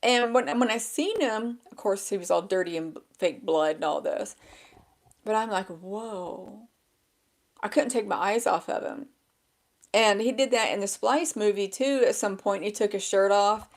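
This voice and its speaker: Woman, gravelly crackly voice, rambling casual vlog, self-deprecating, talking to a handheld mic at a table. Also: medium pitch, lively intonation, normal speed. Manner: rambling and self-deprecating, loses her train of thought. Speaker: vlogger. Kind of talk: casual chat to camera. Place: indoors at a table with a laptop. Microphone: small handheld microphone.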